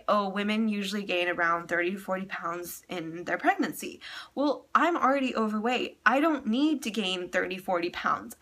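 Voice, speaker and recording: A woman's voice: medium pitch, sharp tone. A young woman talking candidly in a casual personal vlog, chatty and full of ums, emotional and close to tears. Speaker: vlogger.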